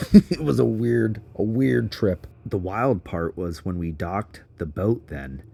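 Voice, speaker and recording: A man's voice: on the low side, lively intonation, takes it slowly, creaky, warm tone, breathy edge. A man casually narrating an adventure story in a chatty, giggly way, full of fillers. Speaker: underground explorer.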